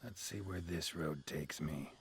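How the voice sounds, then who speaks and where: A deep gruff monster hunter mumbling to himself in a game, noisy game audio. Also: male voice, unhurried. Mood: muttering. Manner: low, terse and flat, muttering to himself. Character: gruff weary monster hunter, middle-aged man. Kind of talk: video game voice acting.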